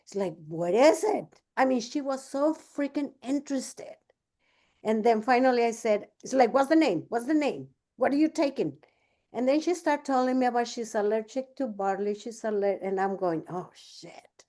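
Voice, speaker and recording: Chatty woman coach, slightly high voice. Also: moderate pace. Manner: animated, acts out both sides of conversations; chatty, many fillers and restarts. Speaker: business coach. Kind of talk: casual training talk with storytelling.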